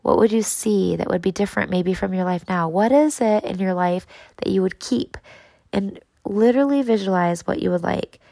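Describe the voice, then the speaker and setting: A woman's voice: medium pitch, moderate pace, creaky, dark tone, no echo, low-quality recording. A woman in her thirties hosting a podcast, talking earnestly and encouragingly straight to her listeners. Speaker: podcast host. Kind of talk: motivational podcast talk.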